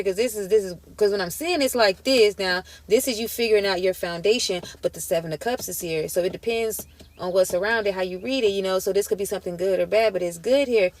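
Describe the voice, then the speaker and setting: A woman giving a casual tarot reading to her viewers, emotional and emphatic, full of slang and direct address. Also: mid-range voice. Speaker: tarot reader.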